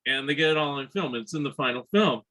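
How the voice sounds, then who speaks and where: A man's voice: medium pitch, expressive, fast talker, sharp tone, rough recording. A man hosting a podcast, telling a rambling anecdote in casual chat and laughing between phrases. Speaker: podcast host.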